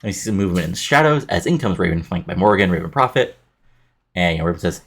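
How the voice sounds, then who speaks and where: Gravelly, deep-voiced man rambling a game recap. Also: lively intonation, fast talker. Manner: rambling, with fillers and self-corrections. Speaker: let's play narrator. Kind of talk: casual recap of a wrestling booking game.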